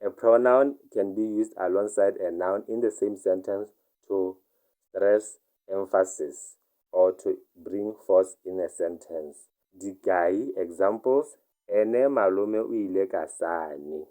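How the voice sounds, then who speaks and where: Male language teacher, low voice, dark mellow tone, repeats each example twice. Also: takes it slowly, low-quality recording. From Botswana. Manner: says each example sentence twice, then translates it. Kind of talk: online language lesson.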